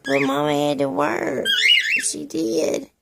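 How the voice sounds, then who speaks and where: Mom sweet-talking and scolding her cockatiels at home, high gravelly voice, loud fan noise. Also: level tone, takes it slowly. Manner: coaxing baby talk with scolding to her pets. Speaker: pet owner vlogger. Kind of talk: casual home video. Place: at home with ceiling fan running.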